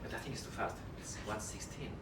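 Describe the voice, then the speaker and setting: A man's voice: on the low side, fast talker, heavy background noise. Brief: male flute teacher, encouraging, sings rhythms, heard from afar in a roomy hall with music. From France. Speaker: flute teacher giving a masterclass. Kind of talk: masterclass coaching. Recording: roomy, from far off, music behind.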